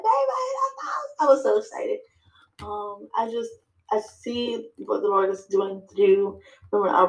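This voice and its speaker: A woman guesting on a podcast, telling her story in lively fashion, acting out her own dialogue, with many fillers and restarts. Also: mid-range voice, echoey room, rough recording. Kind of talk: casual interview chat.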